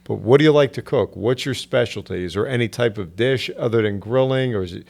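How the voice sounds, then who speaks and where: A man's voice: mid-range voice, fairly quick, creaky, a little mellow. A man hosting a podcast, asking a guest short, curious questions in a casual tone. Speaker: podcast host.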